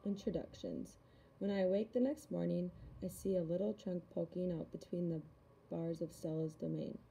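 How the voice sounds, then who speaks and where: A woman reading a children's novel aloud in a calm, even narration. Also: on the low side, normal speed, creaky, a little hiss or hum, low-quality recording. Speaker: reader. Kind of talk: storybook read-aloud.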